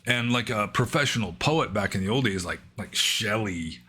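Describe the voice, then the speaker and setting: A man answering questions in a casual, rambling way, thinking aloud with many fillers and slowing down to read verse carefully. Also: fairly low pitch, lively intonation, sharp tone, slightly rough. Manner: careful, slow reading of Pali verse. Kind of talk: casual explanatory talk.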